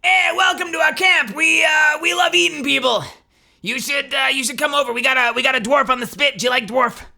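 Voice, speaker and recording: A gleefully menacing cannibal goblin bellows greetings in a shouty put-on accent, as a woman puts him on pitched high above her own voice. The tone is bright and cutting, and every line lands as a brash holler. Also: a little fast, creaky, exaggerated voice. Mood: rowdy, gleeful.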